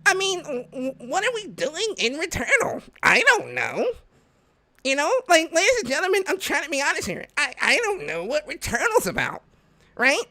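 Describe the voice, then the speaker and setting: A man doing a whiny, nerdy male gamer who complains haltingly, full of fillers. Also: very high-pitched, huge pitch swings, bright, forceful tone, pitched above the performer's own voice, exaggerated voice.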